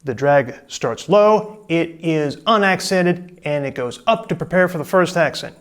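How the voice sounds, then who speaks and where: A man teaching drum rudiments in relaxed, casual talk, walking through each stroke step by step. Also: a little high, measured pace. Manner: relaxed, explains step by step, counts in. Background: drums.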